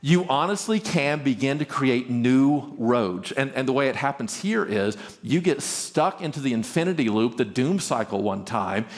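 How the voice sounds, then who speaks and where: A man's voice: mid-range voice, lively intonation, normal speed, hardly any pauses. A middle-aged man from Arkansas, a pastor giving an earnest conference talk on marriage, who often stumbles and repeats his openings.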